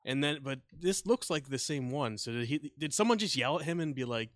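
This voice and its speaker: A young man, a stand-up comedian, chatting casually on a podcast with quick jokes. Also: fairly high pitch, expressive, dry recording, clean studio sound. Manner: joking, quick asides. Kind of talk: casual chat.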